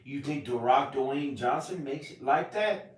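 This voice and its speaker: A man rambling to camera in a casual monologue, jumping between topics with sudden loud laughing outbursts. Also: medium pitch, measured pace, recorded from a distance, over a noisy crowd. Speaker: vlogger. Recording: echoey room, voice off mic.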